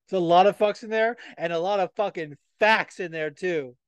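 A man's voice: high voice, moderate pace, clean tone, no room sound. A young man hosting a podcast, chatting casually and swearing a lot as he tells stories. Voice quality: profane, animated storytelling. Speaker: podcast host. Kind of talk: casual chat.

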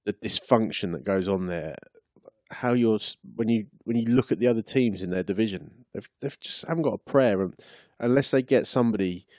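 A man's voice: lowish voice, a little fast, a little mellow, no room sound, clean studio sound. A man co-hosting a casual sports podcast, blunt and rambling, often restarting his sentences. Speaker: podcast co-host.

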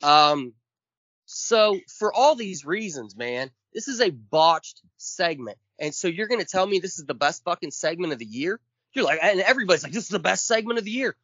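Podcast co-host, man, high-ish voice, emphatic profane rant, dull dry lo-fi sound. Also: animated, moderate pace, a bit bright, no room sound. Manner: emphatic, profane, counts off points.

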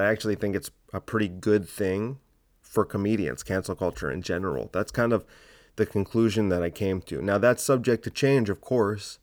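A man's voice: on the low side, no room sound, studio quality. A man hosting his own podcast alone, talking in a blunt, provocative, rambling way. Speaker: podcast host. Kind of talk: casual solo podcast monologue.

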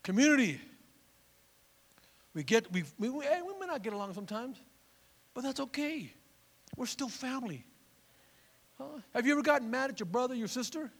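A male pastor delivers a fervent sermon with a very high, gravelly voice, pausing for call-and-response. His tone is bright and cutting. The sound carries long reverb from a church hall. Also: animated.

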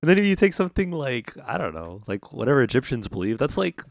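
A man's voice: medium pitch, big pitch swings, quick pace, gravelly, dry recording. A man co-hosting a casual podcast, rambling and laughing often as he chats with friends. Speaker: podcast co-host. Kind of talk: casual banter.

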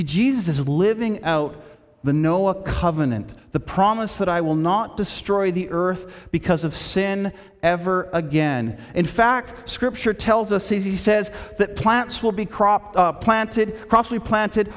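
Pastor guy preaching, a bit high-pitched, big echoey hall, storytelling, goes quiet for the quotes. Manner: storytelling with quoted voices, shifting between loud and hushed. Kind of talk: sermon.

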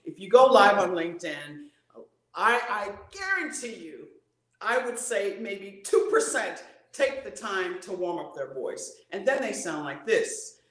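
A woman voice coach on a video call, talking in a playful, animated way and acting out voices. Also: unhurried, echoey room. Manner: playful, acts out voices, swings pitch widely. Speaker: voice coach guest.

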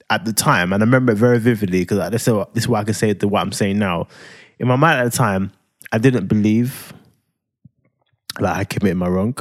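A man with a South London accent co-hosting a podcast, chatting casually, rambling and swearing freely. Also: on the low side. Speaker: podcast co-host. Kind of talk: casual chat.

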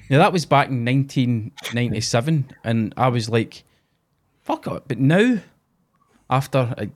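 Scottish man, podcast host, blunt and sweary, lively swooping pitch. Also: takes it slowly, pauses often, slight background noise. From Scotland. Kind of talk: casual chat.

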